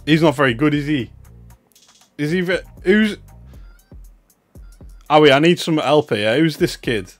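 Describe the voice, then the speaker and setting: Excitable man streaming live. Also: on the high side, a little slow, long pauses, no echo, soft background music. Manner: excitable, chatty, swings between loud hype and muttering asides. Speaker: livestreamer opening trading cards. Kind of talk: casual live-stream commentary.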